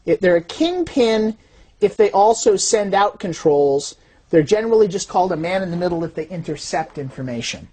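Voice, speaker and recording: Husky-voiced woman giving a lively explanatory talk and acting out the voices she quotes. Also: fairly low pitch, moderate pace. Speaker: fraud detection systems designer.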